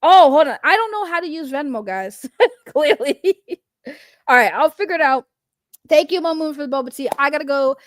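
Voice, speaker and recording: A woman livestreamer from outside the US chatting casually with her viewers, joking around and trailing off into quiet asides. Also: high voice, expressive, moderate pace, no echo, clean studio sound. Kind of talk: casual stream chat.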